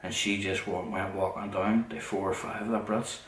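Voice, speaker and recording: A man with a low voice tells a story in a rambling, profane way and keeps restarting his lines. He sounds set back from the mic. The room echoes around him. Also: flat delivery, a little fast, few pauses, a bit bright, far from the mic, a little hiss or hum. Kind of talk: casual storytelling.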